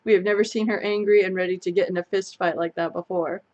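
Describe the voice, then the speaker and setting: A young adult woman co-hosting a live chat stream, telling a story in a casual, animated way and laughing as she goes. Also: lowish voice, quick pace, highs cut off.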